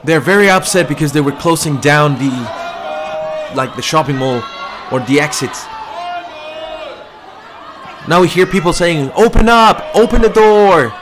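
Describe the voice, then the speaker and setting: A man's voice: on the high side, a little slow, long pauses. Man live-narrating a crowd scene. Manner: filler-heavy, restating what people shout. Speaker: livestream commentator. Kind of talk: live commentary relaying crowd chants.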